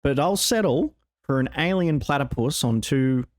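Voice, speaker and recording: A man with an Australian accent, excitedly breaking down a game trailer and rambling with lots of "like". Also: medium pitch, normal speed, few pauses, no room sound, studio quality. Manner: enthusiastic, rambling, fond of "like". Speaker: gaming video host.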